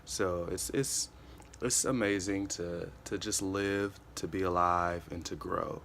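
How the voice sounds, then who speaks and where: Deep voiced guy in his 20s, earnest motivational vlog talk, keeps saying you know. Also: steady tone, takes it slowly, gravelly, a bit bright, slight background noise. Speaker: motivational vlogger. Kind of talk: casual motivational monologue.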